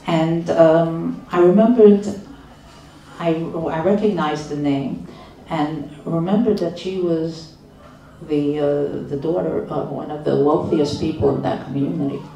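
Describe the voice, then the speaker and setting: An older woman, a rebbetzin, giving a storytelling talk in a slow, measured way with frequent restarts. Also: low-pitched, vocal fry, mellow, slight background noise. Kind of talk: storytelling lecture. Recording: roomy, distant mic.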